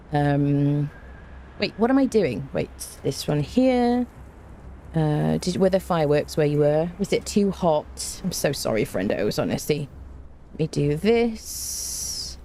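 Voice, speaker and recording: Chatty, mellow-voiced woman streamer. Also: on the low side, a little hiss or hum. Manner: chatty and rambling, with playful made-up words. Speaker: game streamer. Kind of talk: casual livestream chat. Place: home room with an open window. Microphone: desk microphone. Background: fan blowing.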